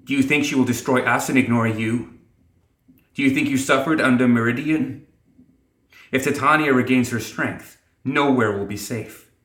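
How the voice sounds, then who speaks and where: A man's voice: mid-range voice, moderate pace, a bit bright, echoey room, natural voice. A man voicing a fierce, bloodthirsty woman warrior who speaks in a commanding, scornful way. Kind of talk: audiobook character voice.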